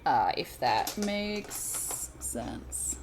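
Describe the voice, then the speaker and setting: A woman's voice: lowish voice, sing-song, drawn-out words, over music. A woman streaming while she crafts at home, chatting casually and rambling, with many fillers and restarts.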